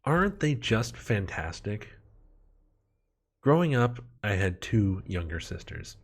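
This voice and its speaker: A man with a somewhat low, husky voice tells a comedic personal story. He is animated and self-mocking, often breaking off for dramatic asides, and his telling builds with comic suspense. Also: slow.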